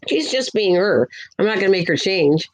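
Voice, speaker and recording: A woman's voice: medium pitch, lively intonation, normal speed, poor audio. Chatty older woman crafting live. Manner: chatty and rambling, talks to viewers in the chat; sweet greetings to viewers in a lifted voice. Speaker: crafting livestream host. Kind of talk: casual livestream chat.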